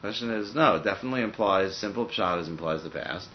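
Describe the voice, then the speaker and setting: A man leads a Talmud study group at a brisk clip, working through the text aloud with frequent "I mean" asides. The recording is dull and lo-fi, with a muffled top end. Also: fairly low pitch, expressive, slight background noise. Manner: fast, thinking aloud with many "I mean" asides. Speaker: Talmud teacher. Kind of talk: casual study-group teaching.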